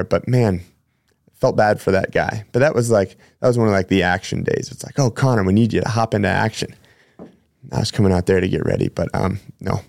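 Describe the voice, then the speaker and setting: A man's voice: deep voice, creaky, dark tone, dry recording, clean studio sound. A man hosting a podcast, a personal trainer telling rambling, chatty stories with many self-corrections. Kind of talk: casual storytelling.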